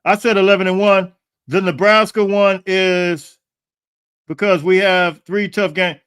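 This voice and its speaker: A man hosting a podcast live stream in casual chat. He often repeats and restarts words, clears his throat and reads out viewer comments. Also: high-pitched, steady tone, a little slow, fairly bright tone. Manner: frequent throat clearing and coughs. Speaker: podcast host.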